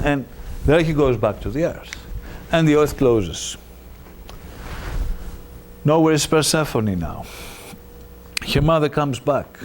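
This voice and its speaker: Male lecturer, slow, animated myth teller, faint hiss. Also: mid-range voice. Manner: animated, halting with fillers. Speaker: presenter.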